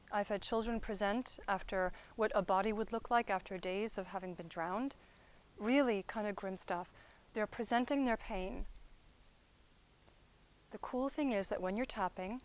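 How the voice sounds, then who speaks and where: A woman therapist explaining inner-child healing work in a conversational teaching style. She checks in with her listeners as she goes and often softens into gentle, quiet phrasing. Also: medium pitch, low-quality recording. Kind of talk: instructional talk.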